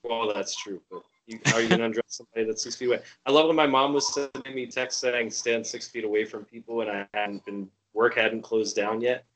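A man co-hosting a podcast, animated and stammering, with loud outbursts. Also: mid-range voice, a little fast, few pauses, low-quality recording. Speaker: podcast co-host. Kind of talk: casual chat.

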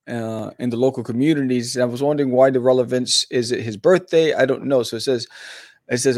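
A man's voice: mid-range voice, darkish tone, no room sound, clean studio sound. A man co-hosting a casual chat, laid-back with slang and lots of fillers. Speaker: podcast co-host, comic artist.

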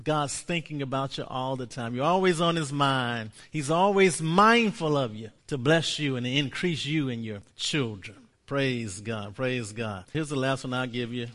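A man preaching a sermon, leading the congregation in slow, emphatic spoken confessions and building to loud, fervent passages. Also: mid-range voice. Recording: long hall reverb.

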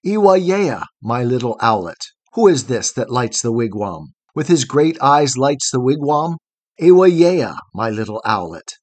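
A man voicing a gentle, wise old grandmother in a storybook poem reading, with a soft, lilting delivery. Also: mid-range voice, unhurried, few pauses, breathy edge. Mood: lulling.

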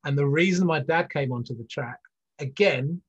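A husky middle-aged man recalling his past with earnest candour, pausing often on fillers and starting sentences over. His voice comes through a muffled, lo-fi recording. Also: fairly high pitch. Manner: earnest and candid, with many fillers and restarts. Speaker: interview guest, former athlete. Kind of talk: reflective storytelling in conversation. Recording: dull lo-fi recording.

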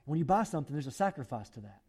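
A man delivers an urgent sermon in a church, turning often to speak straight to his congregation. His voice sits a little high yet sounds warm and mellow. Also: big pitch swings, rapid-fire, slight background noise. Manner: urgent, exhorting, direct address to the congregation. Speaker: pastor.

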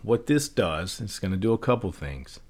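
A man's voice: fairly low pitch, very animated, normal speed, a little mellow. A man hosting a casual solo podcast, speaking loosely with frequent fillers and rhetorical questions. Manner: loose and conversational, many fillers, rhetorical "right?". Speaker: podcast host. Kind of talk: casual solo talk on persuasion and parenting.

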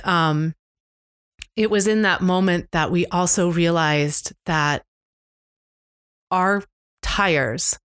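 A middle-aged woman co-hosting a podcast, candidly retelling a stressful family road trip in a halting, emotional way. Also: on the low side, fairly bright tone, smooth, dry recording, studio quality. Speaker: podcast co-host. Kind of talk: casual storytelling chat. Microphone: close podcast mic.

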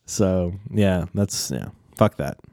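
A man's voice: deep voice, takes it slowly, dark tone, dry recording. A man in casual chat, laid-back and asking curious questions. His voice is recorded dry and close, with no room sound.

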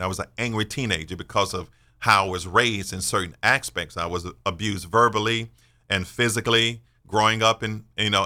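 An older man in his sixties hosts a faith-based radio talk, sounding earnest and sermon-like. His voice sits a little low, but he delivers it with a sharp, forceful edge. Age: 60s. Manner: earnest, emphatic, personal testimony. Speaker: radio show host.

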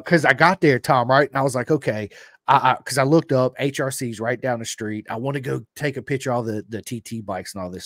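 An excitable man from Virginia with an American accent, telling animated stories in a casual interview. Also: medium pitch, dry recording, studio quality. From Roanoke, Virginia, USA.

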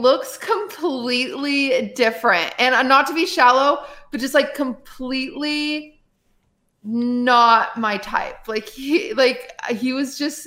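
A woman's voice: high voice, a bit bright. A woman livestreamer telling a long personal story in casual chat, rambling and full of "like" fillers. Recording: roomy echo.

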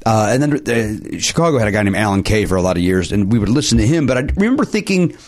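A man hosting a podcast who chats casually and prompts his guest with eager, quick questions. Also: on the low side, sing-song. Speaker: podcast host. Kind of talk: casual interview.

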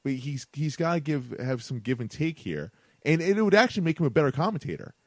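A man's voice: a little high, sing-song, quick pace, no echo. A man co-hosting a casual podcast, often stumbling and repeating words as he thinks aloud. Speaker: podcast co-host. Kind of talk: casual chat.

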